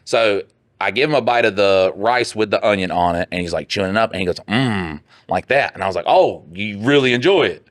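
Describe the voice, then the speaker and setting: A lower-pitched man tells animated stories on a podcast, acting out the people in them and laughing along the way. The sound is close and dry, with no room behind him. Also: quick pace, no echo. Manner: animated storytelling with quoted voices and laughs. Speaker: podcast co-host. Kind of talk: casual chat.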